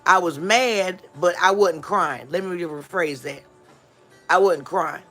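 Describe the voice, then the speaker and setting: A woman's voice: on the low side, takes it slowly, faint music behind. A woman hosting a live stream, telling a rambling storytime and acting out the dialogue. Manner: animated storyteller who acts out dialogue; rambling, frequent restarts and asides. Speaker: livestream host.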